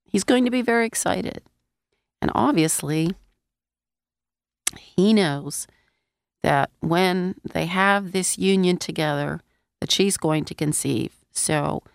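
A woman's voice: on the low side, slow, creaky, pauses often, dry recording, studio quality. A woman teaching a Bible passage in a conversational sermon, speaking around a lozenge in her mouth and asking her listeners questions.

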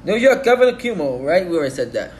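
A man's voice: high voice, very animated, fast talker. Young man co-hosting, profane slangy banter. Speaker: podcast co-host. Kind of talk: casual podcast chat. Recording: echoey room with faint noise.

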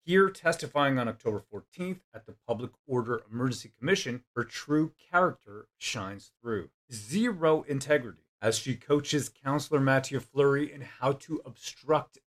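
A man's voice: medium pitch, animated, normal speed, few pauses, a bit bright. A man reading scripted narration for a video in an accusatory, emphatic tone.

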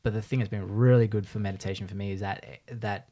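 Relaxed laughing male podcast host. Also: on the low side, fast. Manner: loose, laughing, peppered with fillers. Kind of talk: casual podcast chat.

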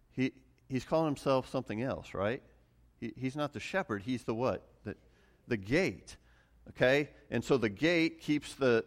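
A middle-aged man preaching a relaxed sermon, mixing farm stories with scripture in a conversational, self-deprecating way. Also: medium pitch. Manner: conversational, many restarts and fillers, chuckles at himself. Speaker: pastor. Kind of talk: casual sermon with personal stories.

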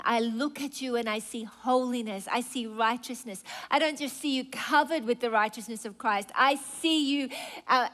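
A woman's voice: high-pitched, fairly bright tone. A woman preaching a sermon, emphatic and impassioned, building with rhythmic repetition.

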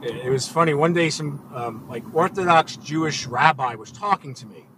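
A man with a high voice chats from the driver's seat of a car, telling animated stories and swearing freely. He acts out what people said as he goes. Road and engine noise runs clearly under his voice. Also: moderate pace. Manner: animated storytelling, swearing freely, acting out quotes. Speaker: podcast host and rideshare driver. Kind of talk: casual chat. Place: inside a car. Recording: noisy car interior. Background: vehicle ambience.

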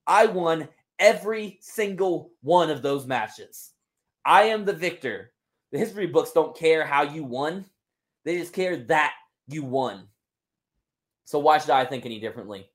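A man's voice: fairly high pitch, pitched above the performer's own voice. A man voicing a smug, gloating male wrestling champion, taunting and mocking with a half-attempted Australian lilt.

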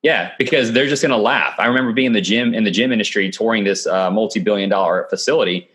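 A man's voice: lowish voice, fast talker, fairly bright tone. Confident man giving sales advice. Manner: confident, coaching tone with frequent "okay" and "right". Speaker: guest. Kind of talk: remote podcast interview. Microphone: video call.

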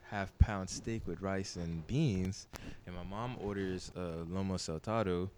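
A man's voice: deep voice, fairly even intonation, measured pace, a little mellow, a little hiss or hum. A man hosting a podcast, giving blunt advice in a laid-back, casual chat. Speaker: podcast host.

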